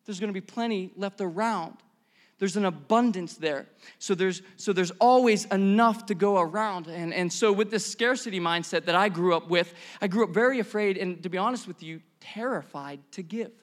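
A man preaching a sermon as pastor, telling stories in an animated, conversational way with bursts of emphasis. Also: high voice, moderate pace, hardly any pauses.

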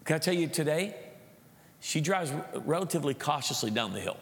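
High-voiced preacher man in a reverberant hall. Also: lively intonation, brisk. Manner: storytelling with repeated words and restarts. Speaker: pastor. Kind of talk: sermon.

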